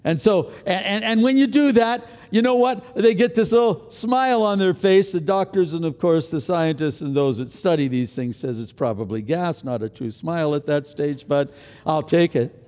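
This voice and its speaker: An older man preaching a sermon as pastor, earnest, swinging between a loud push and a hushed near-whisper. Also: a little high, moderate pace, long reverb tail.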